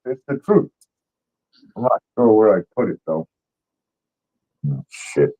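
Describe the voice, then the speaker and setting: A man's voice: on the low side, very animated, slow, phone-quality sound. A man hosting a casual talk show from home, telling a story with frequent laughs and loose swearing. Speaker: host. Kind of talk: casual chat.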